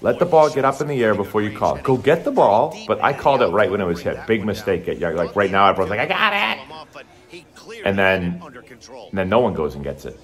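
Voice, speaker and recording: A man's voice: on the low side, quick pace. A middle-aged man casually commentating on a baseball video game and coaching tips in a chatty, rambling way. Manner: chatty, rambling, animated asides.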